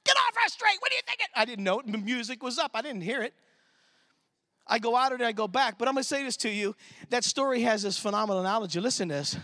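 A man from Michigan preaching at a church service, his voice strikingly high and bright. He tells stories in an animated way, acting out the people in them. The sound is close and dry. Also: fast talker, no echo. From Michigan, USA. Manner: animated, acts out quotes in the story. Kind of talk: sermon with storytelling.

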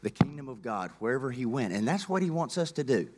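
A man's voice: medium pitch, very animated, fast, darkish tone. A man preaching a sermon in an earnest, folksy and emphatic way.

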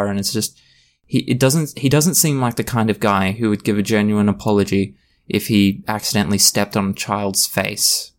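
A man's voice: fairly low pitch, level tone, moderate pace. A man hosting a solo podcast, talking in a blunt, passionate, ranting way. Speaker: podcast host.

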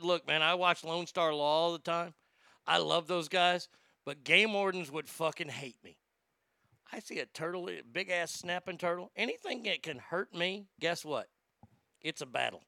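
A man's voice: fairly high pitch, moderate pace, gravelly, sharp tone, clean tone, dry recording. A man delivering a profane, blustering comedic rant, stammering when worked up.

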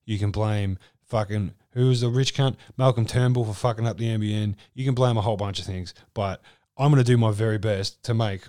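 A blunt Australian man hosting a podcast, chatting casually and swearing freely. His voice is on the low side. The recording is close and dry, with no room around it. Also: fairly even intonation, brisk, hardly any pauses, warm tone, no echo. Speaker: podcast host.

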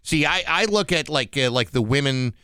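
A man's voice: medium pitch, animated, moderate pace, bright, forceful tone, clean tone, dry recording, studio quality. A middle-aged man in casual chat as co-host, rambling with many fillers and restarts.

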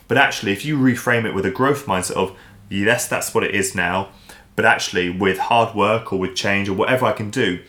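A man as a podcast guest, talking in a casual, animated way and acting out the voices he quotes. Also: lowish voice, fairly quick. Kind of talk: casual interview chat. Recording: roomy echo.

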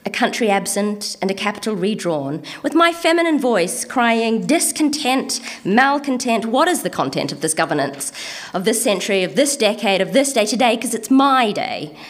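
A poet with an Antipodean accent performs her own spoken word pieces in a measured, rhythmic way, pausing deliberately. Her voice is on the high side with big pitch swings, and between poems she chats casually and a bit hesitantly.

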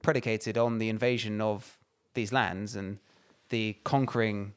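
A man's voice: on the low side, fairly even intonation, measured pace, clean tone. A man co-hosting a podcast, talking politics in a heated, emphatic way and swearing freely. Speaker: podcast co-host. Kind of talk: casual political chat.

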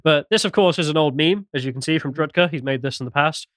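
A man's voice: on the high side, quick pace, fairly bright tone, no room sound, clean studio sound. A British man co-hosting a podcast, reading out news stories with mocking, sarcastic commentary. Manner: mocking, sarcastic, swings into jokey mimicry.

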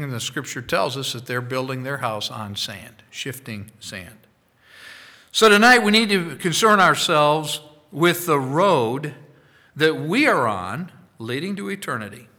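Slow, emphatic male preacher. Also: on the high side. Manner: emphatic preaching, slow and deliberate with sudden loud bursts. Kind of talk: sermon.

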